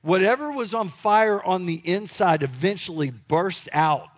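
High-voiced man telling a story. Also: measured pace. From Memphis area, United States. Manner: animated, self-deprecating, addresses the audience directly. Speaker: speaker telling a story to an audience. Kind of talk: comic storytelling talk. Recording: dull lo-fi sound.

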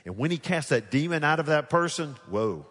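A man preaching a sermon as pastor, moving from hushed, soft passages to loud, animated bursts where he acts out scenes. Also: fairly high pitch, brisk. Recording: long hall reverb.

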